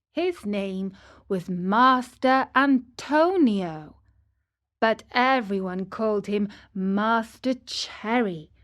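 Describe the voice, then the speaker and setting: A woman reading a fairy tale aloud clearly and deliberately for English learners. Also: medium pitch, fairly bright tone. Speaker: storyteller.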